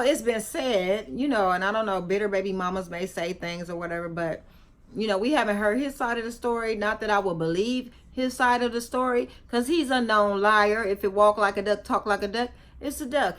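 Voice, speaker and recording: A woman's voice: mid-range voice, a bit bright. A woman reacting to a video in a vlog, talking casually in slang, emphatic and repetitive, lecturing as she gives her opinion. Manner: emphatic, repeats herself, scolding and preachy; casual slangy talk, chewing gum.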